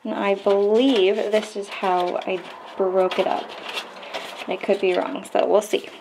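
A woman's voice: medium pitch, little pitch movement, measured pace, creaky, noisy background. A woman in her twenties, chatting casually to camera as a budgeting vlogger and counting cash aloud in a bubbly way. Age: 20s.

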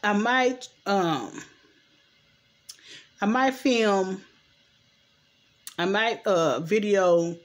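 Young woman rambling thru a tv recap at home, super casual, lots of "anywho". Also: mid-range voice. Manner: rambling, chatty, repeats "anywho" and "what?". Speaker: TV recap vlogger. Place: home at night. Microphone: camera mic.

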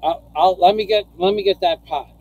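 Man, high voice, casual live stream host, profane ranting, laughs a lot. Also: normal speed, mellow, husky, muffled recording. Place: home in the Philippines.

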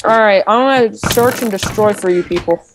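A man's voice: sits high, moderate pace. A male player in casual game chat with friends, grumbling and sarcastic. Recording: noisy home mic with clicks.

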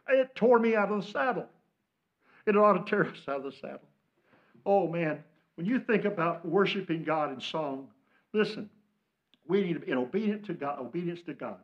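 An older man with an American Midwestern accent preaches a fervent sermon. His voice sits fairly high, rising to loud exhortation and dropping to hushed asides. The church recording sounds dull and lo-fi. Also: expressive, normal speed, long pauses. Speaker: pastor. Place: church sanctuary.

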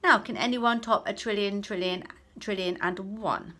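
A woman's voice: medium pitch, moderate pace. A woman voicing an old, mild-mannered male maths teacher in a storybook reading, lecturing with patience. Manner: patient, lecturing, turns sharp when irritated.

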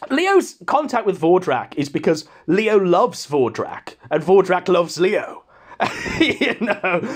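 A man hosting a podcast, ranting in a mocking, scornful way. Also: high voice. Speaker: podcast host. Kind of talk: casual ranting commentary.

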